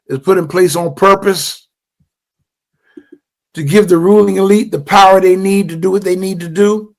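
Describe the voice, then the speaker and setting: An older man giving an impassioned livestream teaching in a fervent, preachy way, often stammering and repeating words. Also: high-pitched.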